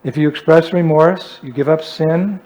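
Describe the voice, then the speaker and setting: A male swami delivers a storytelling sermon in a relaxed, joking tone. He pokes fun at himself and keeps the telling animated and light. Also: fairly high pitch, moderate pace. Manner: self-deprecating, joking, animated. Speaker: swami, preacher.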